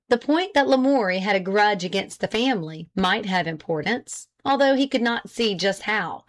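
A woman narrating a period novel in a measured, even storytelling voice. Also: medium pitch. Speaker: audiobook narrator. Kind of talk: scripted narration.

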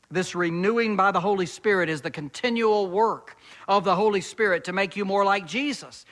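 A pastor preaches a sermon, reading scripture slowly and deliberately, and his voice rises in volume and pitch when he gets stirred.

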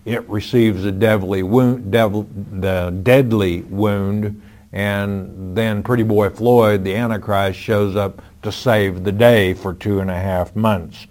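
Slow, low-voiced man teaching the Bible. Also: fairly even intonation, a little mellow. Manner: firm, matter-of-fact, cites scripture chapter and verse; frequent "uh" fillers. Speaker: Bible teacher answering listener questions. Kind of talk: radio Bible Q&A, reading questions and answering.

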